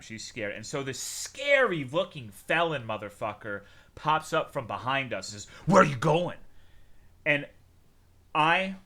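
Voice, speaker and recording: A man streaming a game and telling a story to his chat in a casual, profane, animated way, with sudden loud bursts. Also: medium pitch.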